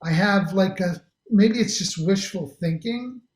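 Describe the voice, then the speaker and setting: A man's voice: high voice, measured pace. A middle-aged man, an actor guest in a casual interview, talking enthusiastically and rambling with many restarts. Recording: roomy echo.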